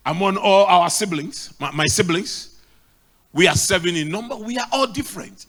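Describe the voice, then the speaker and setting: A man's voice: sits high, normal speed, fairly bright tone. A middle-aged man with a Ghanaian English accent preaching a sermon, emphatic and repeating key lines. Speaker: pastor.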